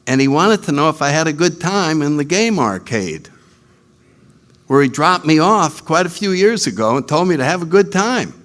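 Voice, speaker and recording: A man speaking at a recovery retreat, telling a story in an animated way, laughing at his own jokes and acting out voices. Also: a little high, normal speed. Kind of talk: storytelling talk.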